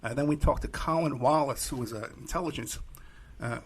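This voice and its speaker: Gravelly-voiced male podcast host. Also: medium pitch, a little fast, a little hiss or hum. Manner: relaxed and chatty, with frequent fillers. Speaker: podcast host and private investigator. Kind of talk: casual podcast interview.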